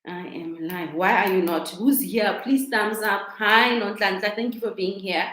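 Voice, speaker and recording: A woman's voice: mid-range voice, measured pace. A chatty woman with a South African accent, hosting a casual live stream as a coach and talking into a laptop microphone. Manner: chatty, repeats herself, greets viewers warmly. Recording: echoey room.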